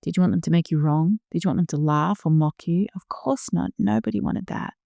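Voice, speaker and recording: A middle-aged woman hosts a reflective solo podcast in a gentle, slow, soothing manner, now and then dropping to a soft hush. Her voice sits low and warm with a gravelly edge. The recording is dry and close. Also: dry recording. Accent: Australian. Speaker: podcast host.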